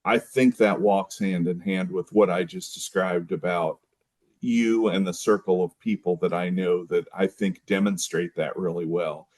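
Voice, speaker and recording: Deep-voiced, hesitant man. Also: fairly even intonation, unhurried, a little mellow. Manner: thoughtful, hesitant, many fillers and restarts. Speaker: podcast guest. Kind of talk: casual conversation.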